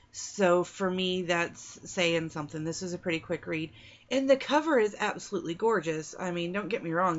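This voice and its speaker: A woman's voice: on the low side, slight background noise. A young woman casually reviewing books on her vlog, talking in a chatty, rambling way with fillers and restarts. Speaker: book reviewer. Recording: dull lo-fi sound.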